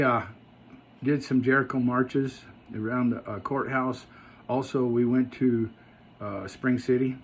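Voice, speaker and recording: Halting, emphatic man vlogging. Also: mid-range voice, slight background noise. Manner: halting, many fillers and restarts, emphatic at times. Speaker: vlogger giving an update. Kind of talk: casual spoken update.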